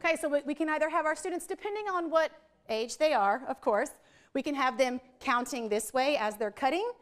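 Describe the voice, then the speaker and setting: A woman's voice: sits high, a little fast. A woman trainer presenting a teacher workshop in a training room, explaining teaching methods and leading the audience in call-and-response drills. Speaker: literacy trainer.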